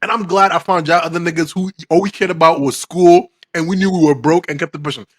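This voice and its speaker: A young man co-hosting a casual podcast chat, laid-back and quick to laugh. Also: on the high side, steady tone. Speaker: podcast co-host.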